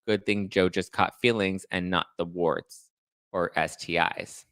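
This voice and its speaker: Man, lowish voice, sassy gossip recap, dry close sound. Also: fairly even intonation, unhurried, fairly bright tone, dry recording. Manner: chatty, sassy, acts out cast members in quotes. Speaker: podcast host recapping reality TV.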